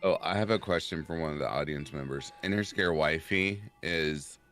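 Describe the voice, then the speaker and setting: Very deep, bright-toned chatty man. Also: normal speed, soft background music. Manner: chatty storyteller, laughs often. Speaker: podcast guest. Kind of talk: casual chat.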